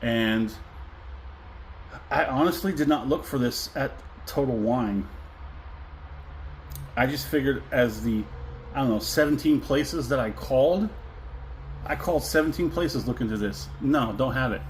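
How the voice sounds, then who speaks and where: A man's voice: medium pitch, measured pace, long pauses, a little hiss or hum, poor audio. Effusive man savoring a whiskey tasting. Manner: effusive, savoring, humming and chuckling. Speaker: whiskey reviewer. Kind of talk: casual tasting review.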